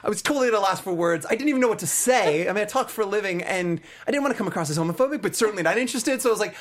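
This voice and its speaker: A man from Arizona hosting a podcast, telling a story in an animated, self-mocking way. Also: high-pitched, very fast. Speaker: podcast host. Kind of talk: casual storytelling.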